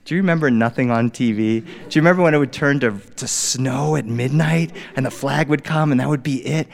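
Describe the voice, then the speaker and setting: Animated male storyteller in a hall. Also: mid-range voice, fairly quick, vocal fry. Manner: animated, playful, swinging between hush and excitement. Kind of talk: live storytelling performance. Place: studio stage with live audience. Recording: reverberant hall, live audience.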